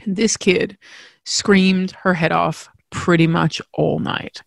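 A woman telling a personal story as a mother in a frank, expressive, self-mocking way, swearing casually. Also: lowish voice, takes it slowly, gravelly, no room sound.

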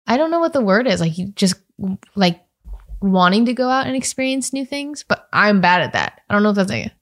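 A woman's voice: mid-range voice, big pitch swings, brisk. A woman chatting casually on a podcast, rambling and giggly as she thinks aloud.

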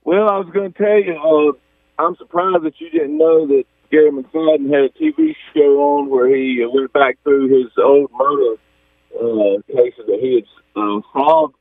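A man's voice: on the high side, big pitch swings, a little slow, vocal fry, no room sound. A man calling in to a radio talk show, conversational and a little hedging. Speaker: caller. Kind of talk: phone-in call. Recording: tinny phone line.

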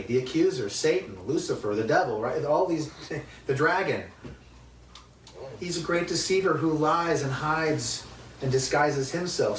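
A man's voice: a little high, slight background noise. A man teaching a Bible study lesson in a conversational, emphatic way, often asking rhetorical questions. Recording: roomy, distant mic with faint ambience.

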